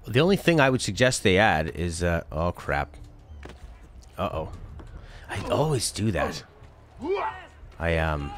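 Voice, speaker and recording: Brief: deep-voiced young gaming host, lively, chatty and jokey while playing. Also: male voice, slight background noise. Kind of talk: casual let's-play commentary.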